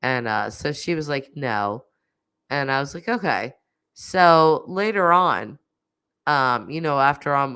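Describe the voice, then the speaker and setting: A woman's voice: low voice, lively intonation, unhurried, a bit bright, clean tone. A woman in her thirties, nasal and congested from a cold, chatting casually on a live stream and reading out viewer comments. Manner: coughing; chatty, laughs often, many fillers.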